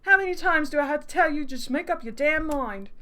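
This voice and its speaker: A woman voicing a smug, possessive young man in a game, with a deliberately poor put-on British accent and a condescending manner. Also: high voice, animated, pushed and bright, voice pushed up. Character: smug arrogant young man, jealous ex-lover. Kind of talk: reading game dialogue aloud.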